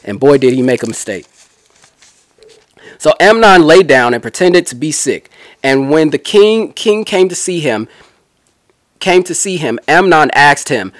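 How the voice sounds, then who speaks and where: A man's voice: a little high, lively intonation, a little slow, pauses often, no room sound, studio quality. A man giving a casual Bible teaching, retelling scripture in a chatty, slangy way with asides.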